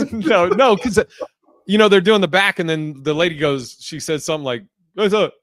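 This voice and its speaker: A man's voice: high-pitched, normal speed, fairly bright tone, no room sound. A man hosting a podcast in loose, profane casual chat, laughing as he tells stories. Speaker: podcast host.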